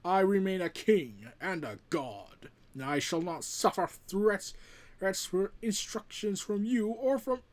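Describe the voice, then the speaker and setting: A man's voice: high voice, lively intonation, a little slow. A man voicing a proud male thunder god king who makes grand, archaic declarations, read from a comic. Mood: defiant.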